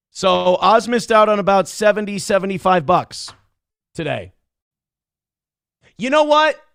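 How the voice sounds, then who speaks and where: A man hosting a live online show, talking casually and excitedly, cursing freely while thanking viewers for donations. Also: sits high, clean tone, no echo, clean studio sound. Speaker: livestream show host.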